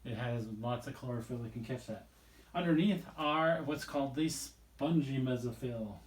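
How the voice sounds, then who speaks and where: Guy teaching biology on video, chatty and rambly, regular pitch, kinda echoey room. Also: moderate pace. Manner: casual, rambling, drawing while explaining. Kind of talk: recorded video lesson.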